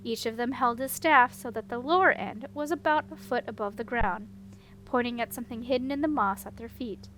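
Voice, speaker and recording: A woman narrating a fantasy children's novel as an audiobook reader, steady and even. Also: on the high side, brisk, a little hiss or hum, low-quality recording. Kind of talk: storybook narration.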